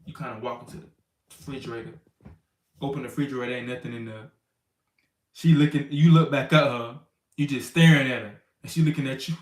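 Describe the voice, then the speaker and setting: A man's voice: mid-range voice, fairly even intonation, a little fast, long pauses. A man teaching scripture to the brothers in a loose, slangy, conversational way, acting out little scenes as he goes. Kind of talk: informal bible teaching. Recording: roomy sound from a distant mic.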